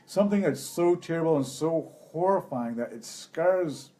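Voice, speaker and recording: A man's voice: a little high, expressive, normal speed, dark tone. A man chatting as a guest co-host, talking in a reflective, storytelling way with plenty of fillers. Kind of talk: casual chat. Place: indoors at a family vacation spot.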